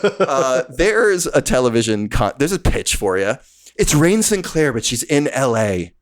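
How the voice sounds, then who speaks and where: A man's voice: medium pitch, sing-song, measured pace. A man hosting a comedy podcast, bantering playfully and giggling often. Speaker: podcast host. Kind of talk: casual comedy chat.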